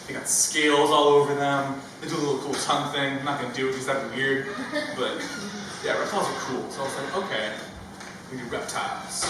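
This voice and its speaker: A young man doing a stand-up comedy set, telling a childhood story with animated acted-out voices. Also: mid-range voice. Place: stage with a live audience. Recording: echoey stage from far off with audience noise.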